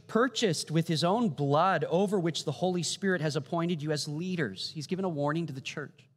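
A man preaching a sermon, animated, often asking the audience "right?" and posing rhetorical questions. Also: fairly high pitch. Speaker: pastor. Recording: long hall reverb.

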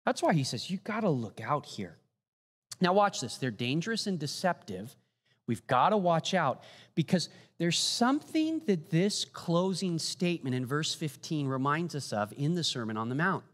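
A man preaching a sermon, animated, often asking the audience "right?" and posing rhetorical questions. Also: on the high side, normal speed. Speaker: pastor. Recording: long hall reverb.

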